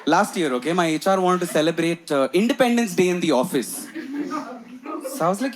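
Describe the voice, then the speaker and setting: A young man doing a stand-up set, chatty and teasing the crowd with quick asides. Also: high voice, lively intonation. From United Arab Emirates. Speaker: stand-up comedian. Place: comedy club stage before a live audience. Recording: loud audience laughter throughout.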